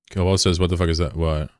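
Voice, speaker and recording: A man's voice: sits low, a little mellow, no room sound, studio quality. A man streaming a game and chatting casually with viewers, rambling and curious, with plenty of fillers and swearing. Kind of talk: casual chat with viewers while gaming.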